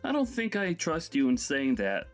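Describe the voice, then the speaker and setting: A man's voice: fairly high pitch, huge pitch swings, normal speed, soft background music. A man voicing a grown son who scolds his overbearing mother in an exasperated way. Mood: scolding.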